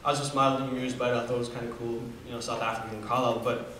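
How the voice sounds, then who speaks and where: A man's voice: mid-range voice, level tone, very fast, bright, forceful tone, a little hiss or hum. Young man, echoey hall, far off. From Namibia. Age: 20s. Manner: earnest storytelling with fillers and restarts. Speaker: student speaker. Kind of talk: personal story talk.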